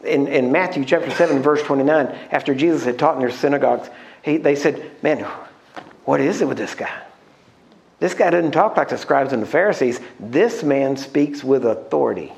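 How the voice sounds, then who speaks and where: A man with a fairly high voice preaches a sermon in a church. He is emphatic, slows down to drive key words home, and keeps asking the congregation questions. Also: a little mellow.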